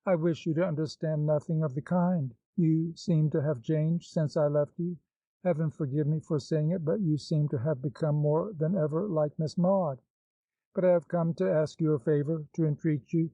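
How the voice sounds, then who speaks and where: Give me an anxious, devoted old woman who pleads and frets, as a man reads her, in a mellow voice. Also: fairly high pitch, fairly even intonation, moderate pace, dry recording. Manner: pleading, fretful. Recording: slightly dull, dry recording.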